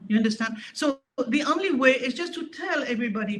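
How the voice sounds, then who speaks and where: A harp teacher with a French accent talks in a casual interview, high-pitched and fast. She's animated and emphatic, frequently restarting her sentences.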